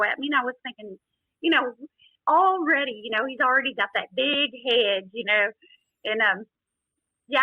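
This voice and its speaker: A woman's voice: high-pitched, no echo, lo-fi sound. A woman from Texas, a book author and podcast guest, telling backstage stories in a chatty way with frequent laughs and many "you know"s. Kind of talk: casual storytelling interview.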